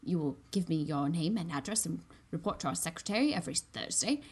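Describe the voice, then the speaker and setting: A woman's voice: low voice, lively intonation, fast talker, darkish tone, slightly rough, exaggerated voice. A woman reading aloud and voicing a prim, officious busybody who lectures in a stiff, formal way.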